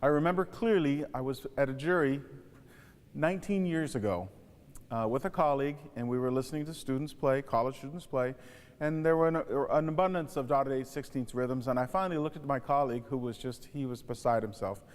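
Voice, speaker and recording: A saxophone instructor with a mid-range voice gives a music lesson tutorial at a brisk pace, earnestly advising students and singing rhythms aloud to demonstrate them. The room is reverberant.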